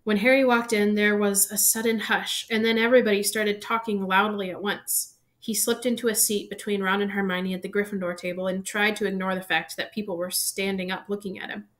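A woman reading a novel aloud in steady storytelling narration. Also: medium pitch, a little fast, few pauses. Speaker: reader.

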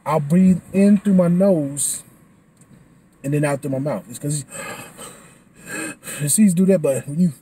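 A man talking casually after a boxing class, animated and slangy, full of restarts, a little out of breath. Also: fairly high pitch, measured pace, long pauses, a little hiss or hum, rough recording. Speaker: vlogger. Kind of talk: casual vlog talk.

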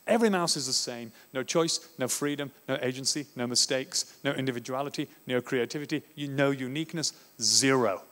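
A man from Australia gives an animated conference talk on teaching, often slipping into little classroom scenes. His voice sits at a medium pitch. It rings out through a long hall reverb from a stage mic. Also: a little fast, few pauses. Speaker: education speaker.

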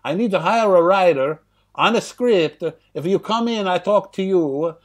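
A man's voice: high-pitched, expressive, unhurried, voice pushed up. A man putting on an older, brusque Italian male film producer with an over-the-top accent and broken English. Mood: urgent.

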